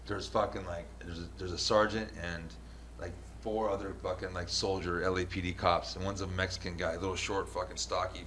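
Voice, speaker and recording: A man hosting a show, telling a story in a casual, profane and animated way. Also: low voice, a little hiss or hum. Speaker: show host and news videographer.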